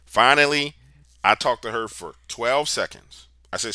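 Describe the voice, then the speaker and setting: A man's voice: mid-range voice, a little slow, bright, forceful tone, dry recording. A man being interviewed, telling a story in a casual, slangy, emphatic way. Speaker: interview guest, paranormal researcher.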